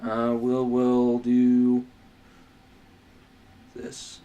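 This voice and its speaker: A man's voice: medium pitch, completely flat delivery, very slow, mellow, highs cut off. A man giving a casual drawing tutorial as he sketches, rambling, muttering asides to himself, self-mocking and swearing now and then. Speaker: art tutor.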